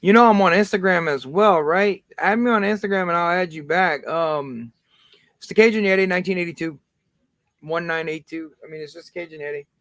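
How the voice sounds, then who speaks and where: Man, 30s, livestream host, casual rambling talk, fairly high pitch, dry sound. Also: a little fast, a bit bright, dry recording. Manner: rambling, many fillers and restarts.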